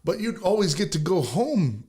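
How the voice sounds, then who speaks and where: A man's voice: high-pitched, sing-song, normal speed, warm tone. A man hosting a podcast, musing reflectively in casual chat. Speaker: podcast host.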